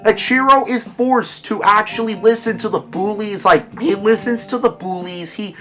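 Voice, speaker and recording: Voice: mid-range voice, normal speed, sharp tone, faint music behind. A movie reviewer ranting in an exasperated way, firing off rhetorical questions and using lots of fillers.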